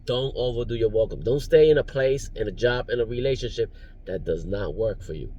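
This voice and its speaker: A man's voice: medium pitch, a little fast, dark tone, dull audio. A man giving rambling, preachy life advice in a casual vlog, recorded in his parked car, chuckling now and then. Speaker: vlogger, driver.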